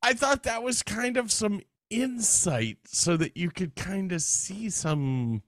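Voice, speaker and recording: A man co-hosting a podcast in casual chat, halting at times and laughing often. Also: high-pitched, a bit bright, dry recording, clean studio sound. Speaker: podcast co-host.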